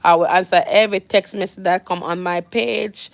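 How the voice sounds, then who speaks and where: A woman's voice: lowish voice, fairly even intonation, normal speed, gravelly, no room sound. A young Jamaican woman vlogger telling a storytime, rambling with many restarts and fillers. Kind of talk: storytime vlog.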